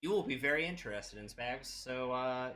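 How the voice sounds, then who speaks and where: A man's voice: medium pitch, expressive, normal speed, bright, forceful tone, slight background noise. A man co-hosting a card game stream, talking casually and joking with swearing, worn down by the heat. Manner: joking, swearing, laid-back. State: hot and sweaty. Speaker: stream co-host playing the game.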